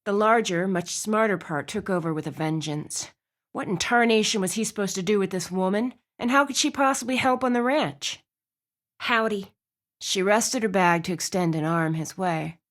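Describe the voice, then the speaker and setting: Female audiobook narrator, expressive, mid-pitched, steady storytelling. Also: moderate pace. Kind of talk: scripted narration.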